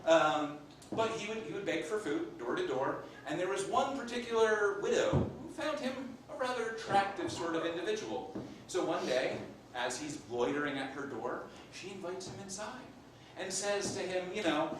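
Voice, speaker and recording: A man doing a comic in-character monologue as an improv performer, an animated storyteller playing a Renaissance papal scribe. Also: high voice, normal speed, background noise. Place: live theater stage. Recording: echoey stage from far off.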